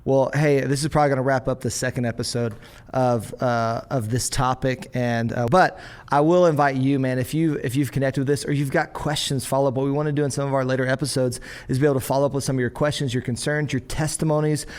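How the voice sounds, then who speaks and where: A young adult man hosting a podcast as a pastor, telling family stories in a lively way and acting out the voices of his kids and his dad. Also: mid-range voice, fast. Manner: animated storyteller acting out family scenes. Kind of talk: casual podcast conversation.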